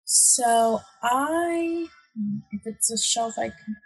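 Casting: woman player, slightly high voice, breathy tone, hesitant thinking aloud. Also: drawn-out words, low-quality recording. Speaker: tabletop game player. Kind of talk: casual tabletop play.

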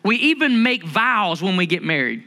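A man preaching a sermon, lively and humorous, stretching out key phrases for emphasis. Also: high-pitched, moderate pace. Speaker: pastor.

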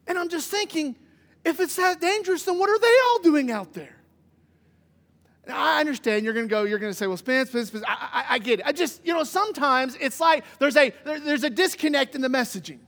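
Man, pastor, very high voice, animated sermon, long hall echo. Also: fairly quick. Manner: animated, swings from loud emphasis to hushed.

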